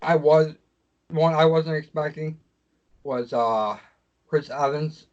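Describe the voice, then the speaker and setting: A man's voice: on the high side, slow. Hesitant man co-hosting a podcast. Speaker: podcast co-host. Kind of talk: casual chat. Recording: dull lo-fi sound.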